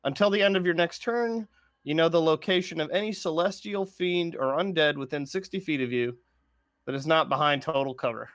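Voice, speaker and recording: A man's voice: on the high side, a little fast, fairly bright tone, no room sound, clean studio sound. A man playing a tabletop game who chats casually and reads out rules. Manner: chatty, rereads rules aloud. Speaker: player.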